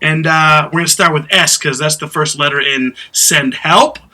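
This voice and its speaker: A man hosting a casual podcast, animated, laughing often and acting out quotes loudly. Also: fairly high pitch, normal speed, heavy background noise. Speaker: podcast host.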